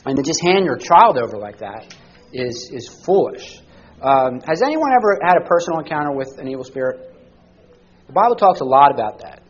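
A man's voice: mid-range voice, highs cut off, a little hiss or hum. A man teaching a church study class to a group, talking conversationally and often checking in with the listeners by asking them questions. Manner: conversational, asks the group questions, frequent "all right?".

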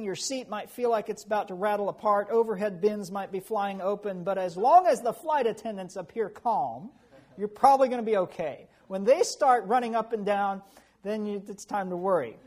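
A man preaching a sermon who tells animated stories with chuckles and asides. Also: sits high, normal speed. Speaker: pastor.

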